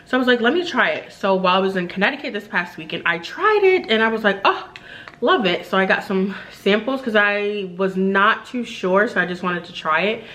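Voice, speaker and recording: A young woman talks casually to camera in a beauty haul vlog, full of asides to her viewers. Her voice is bright and forward at an average pitch. The feel is relaxed and enthusiastic, like showing off favorite purchases. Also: a little fast, few pauses. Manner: chatty and enthusiastic, many fillers and asides to viewers. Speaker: beauty and luxury vlogger.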